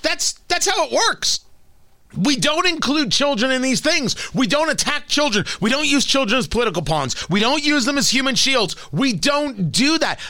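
A man's voice: extremely high pitch, sharp tone, no room sound. A man hosting a talk radio show, delivering an opinionated monologue with emphatic, heated exclamations from a studio mic.

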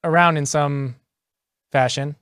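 A man's voice: fairly high pitch, fairly even intonation, slow pace, fairly bright tone, clear, resonant tone, dry recording. A man as co-host, giving brief replies in casual studio banter. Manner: brief replies, short interjections.

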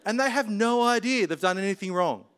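A man, preaching a casual sermon full of stories, chatty and quick to laugh. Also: high voice, expressive, fairly bright tone, clear, resonant tone. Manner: chatty, laughs often, colloquial.

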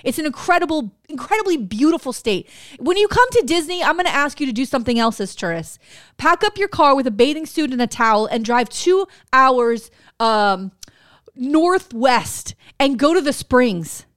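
Young female podcast co-host from Florida, fast profane banter, raised voice, close dry mic. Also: sits high, dry recording. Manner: profane, animated, laughs often. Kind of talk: casual chat.

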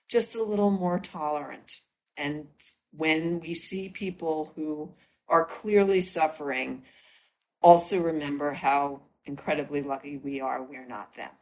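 A woman speaking as a podcast guest in a casual interview, earnest and thoughtful, often restarting her sentences. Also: low-pitched.

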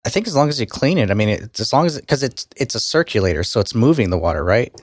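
A man co-hosting a casual podcast who is losing his voice and keeps clearing his throat. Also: mid-range voice, very animated, fast, dry recording. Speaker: podcast co-host. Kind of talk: casual tech podcast chat.

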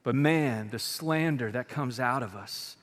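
A man's voice: medium pitch, a little slow. A man preaching a sermon as pastor, talking to the congregation in a casual, conversational way. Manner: conversational and colloquial, addressing the congregation directly. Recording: long reverb of a large hall.

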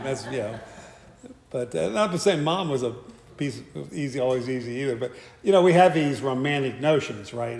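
A man giving a conversational sermon, with joking asides and frequent restarts. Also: fairly high pitch. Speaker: preacher. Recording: echoey hall.

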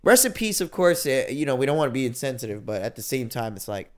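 A young man trades casual, slang-heavy banter as a podcast co-host. His pitch swings widely as he talks, and he keeps a loose, joking tone. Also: fast. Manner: animated, slangy, jokey.

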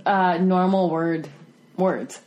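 A woman's voice: lowish voice, slow pace, darkish tone, dull audio. A young woman from Richmond, chatting casually and teasingly as a podcast guest. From Richmond, Virginia. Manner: teasing, skeptical. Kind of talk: casual chat.

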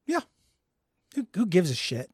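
Guy hosting a podcast, rambly and jokey, super bouncy pitch, dry close mic. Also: huge pitch swings, unhurried, a little mellow, breathy edge, dry recording. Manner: rambling, laughing, self-deprecating. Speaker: podcast host. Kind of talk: casual chat.

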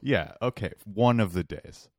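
A man's voice: lowish voice, a little slow, no room sound, clean studio sound. A man co-hosting a podcast in casual, teasing chat, with a sore throat. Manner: argumentative, teasing, does vocal warm-ups. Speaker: podcast co-host.

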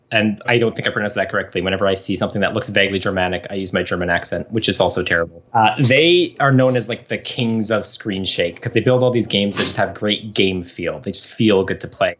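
A man's voice: fairly low pitch, fairly bright tone, muffled recording. A man in his thirties, a professor and researcher, explaining his work in a casual interview, chatty, with many fillers.

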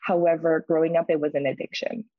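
A young woman on a podcast, telling a story in a chatty way, full of fillers and lively quoted voices. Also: low voice, fast, dry recording, phone-quality sound. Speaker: podcast co-host. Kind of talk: casual storytelling.

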